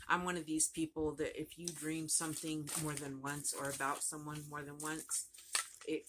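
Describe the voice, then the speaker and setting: A woman's voice: deep voice, flat delivery, normal speed, heavy background noise. A woman vlogging casually about her crochet project, rambling and chatty, often trailing off and starting over. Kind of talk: casual chat to camera.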